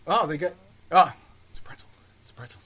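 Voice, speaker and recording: A man's voice: a little high, quick pace, husky. A man hosting a podcast, telling stories in casual chat and laughing often. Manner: animated storyteller, laughs often. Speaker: podcast host.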